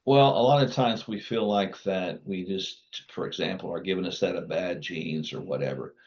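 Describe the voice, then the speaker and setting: Guesting on a podcast, a doctor who founded a wellness clinic speaks in a deep, slightly mellow voice at a moderate pace. He makes his case through forceful, instructive statements. The recording sounds muffled.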